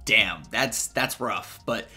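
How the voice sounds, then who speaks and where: A man's voice: lowish voice, slow, sharp tone, breathy edge, faint music behind. A young man in his twenties, a YouTuber giving casual, slangy commentary on text messages and chuckling often.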